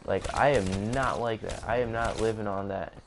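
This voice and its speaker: A man's voice: lowish voice, steady tone, moderate pace, background noise. A young man casually narrating a storytime, rambling with self-corrections and joking asides. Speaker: gaming streamer.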